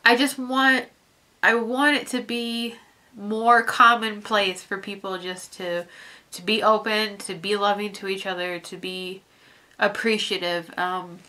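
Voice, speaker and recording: A young woman with a bright, clear voice talks straight to her viewers in a personal vlog. She is teary and keeps trying not to cry, and her sentences stop, restart and trail off. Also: mid-range voice, little pitch movement. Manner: halting, heartfelt, many restarts and fillers. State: teary, fighting back tears. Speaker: vlogger.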